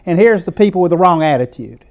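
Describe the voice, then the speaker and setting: Southern-accented male preacher, high voice, earnest, muffled recording. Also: lively intonation, fast. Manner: earnest, conversational preaching with rising emphasis. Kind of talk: sermon.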